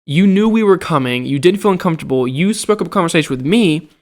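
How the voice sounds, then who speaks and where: A man's voice: fairly high pitch, expressive, fast talker. A young man casually recounting a college dorm argument, exasperated, swearing freely and acting out what others said. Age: young adult. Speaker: college student telling a story. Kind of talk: casual storytelling to camera.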